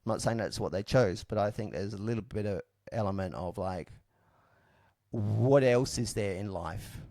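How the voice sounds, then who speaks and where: A man with a fairly low voice speaks in a dry, close recording. He tells his story casually and frankly, pausing on fillers and restarting his sentences as he reflects. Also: mellow, dry recording. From Australia. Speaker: podcast guest telling his story.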